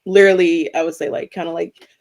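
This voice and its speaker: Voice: medium pitch, level tone, quick pace. Chatty podcast co-host. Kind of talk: casual interview.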